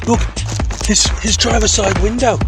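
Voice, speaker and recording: A man voicing a smug, excitable male wildlife presenter in an exaggerated fake Cockney accent, in parody documentary narration. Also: high-pitched, moderate pace, over music. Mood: excited. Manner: hushed documentary narration, mocking. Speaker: channel host.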